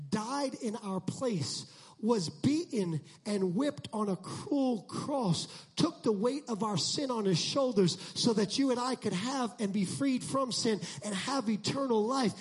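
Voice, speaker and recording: A man preaching in a strikingly high, husky voice. He talks to the congregation in a loose, joking way, then climbs into loud, shouted peaks. It is a full sermon delivery rather than a calm talk. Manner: swings from soft asides to shouted climaxes; jokey, conversational asides to the congregation. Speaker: pastor.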